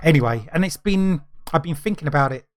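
Casting: middle-aged male podcast co-host, a bit high-voiced, loose rambling delivery. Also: lively intonation. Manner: rambling, halting, many fillers and restarts. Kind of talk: casual chat.

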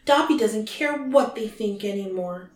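A woman's voice: mid-range voice, measured pace, lightly acted. A woman voicing a timid, devoted male house elf as she retells a story, in an earnest, formal servant's way of speaking. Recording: roomy echo.

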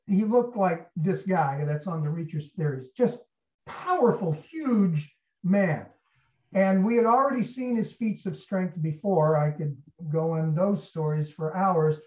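A male actor and interview guest telling an anecdote in a lively way, acting out the people in it. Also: sits high. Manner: animated, acts out quotes. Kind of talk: storytelling in an interview. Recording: roomy, distant, dull sound.

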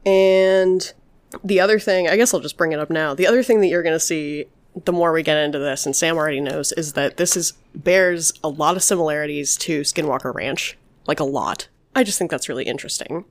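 Low-voiced woman rambling through spooky stories. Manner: rambling, lots of "like" and "obviously". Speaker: podcast host telling paranormal stories. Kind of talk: casual storytelling chat.

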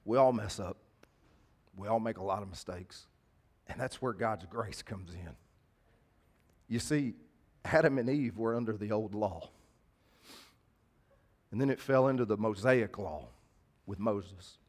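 A man's voice: fairly low pitch, unhurried, pauses often. Folksy preacher man. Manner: folksy, talks to congregation directly. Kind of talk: sermon.

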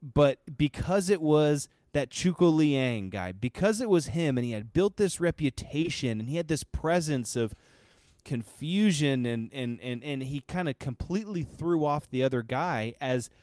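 Rambling in casual podcast chat with lots of restarts and fillers, a male co-host speaks at a measured pace in a fairly high, expressive, slightly mellow voice. The recording is dry, clean studio sound.

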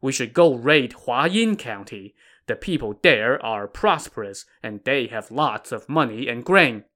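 Man reading a hot-headed blustering bandit chief in a storybook tale, lively and bright. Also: mid-range voice, a little slow. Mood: brash. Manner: brash, blustering.

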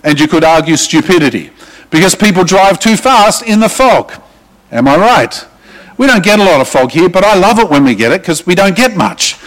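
A middle-aged Australian man delivers a sermon in a fairly high voice. He preaches with emphasis and often puts questions to his congregation. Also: animated, moderate pace, poor audio. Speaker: pastor.

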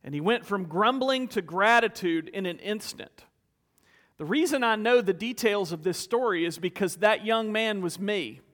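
Pastor, male, fairly high voice, earnest storytelling sermon in an echoing sanctuary. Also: fairly bright tone. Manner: storytelling, earnest, rhetorical questions. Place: church sanctuary.

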